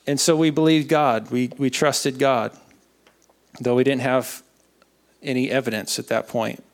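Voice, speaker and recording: A young man giving an earnest personal faith testimony, halting and often repeating his words. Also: medium pitch, steady tone. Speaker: speaker sharing a testimony.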